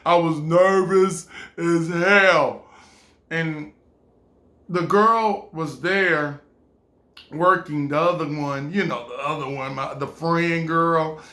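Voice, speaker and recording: High-voiced man telling a rambling story. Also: fairly even intonation, slow, bright, forceful tone. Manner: rambling, with fillers, restarts and acted-out quotes. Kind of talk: casual personal storytelling.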